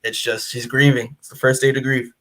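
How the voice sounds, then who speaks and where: A laid-back podcast co-host who chimes in with relaxed, casual opinions. He talks in an easy, conversational way. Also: medium pitch, a little fast. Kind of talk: casual chat.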